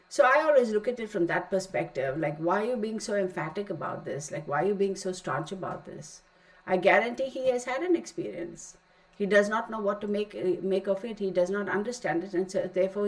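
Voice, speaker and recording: Middle-aged woman tarot reader, mid-pitched, talky and rambling, firm advice. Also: poor audio. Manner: chatty and rambling, emphatic asides. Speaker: tarot reader teaching a class. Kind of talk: casual spoken class.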